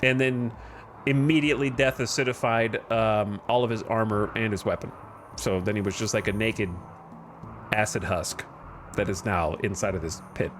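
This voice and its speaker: A man's voice: on the low side, fairly even intonation, moderate pace, a bit bright, slight background noise, natural voice. A man voicing a stern male colony leader with a Birmingham accent, delivering a theatrical, scolding eulogy. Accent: Birmingham, England.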